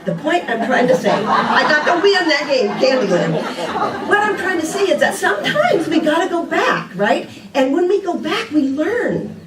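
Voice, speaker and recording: A woman's voice: high-pitched, very animated, moderate pace, a crowd in the background, background noise. An older woman giving a casual sermon, telling stories and asking rhetorical questions in a conversational way. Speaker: speaker at a spiritual community. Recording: echoey room, picked up from a distance.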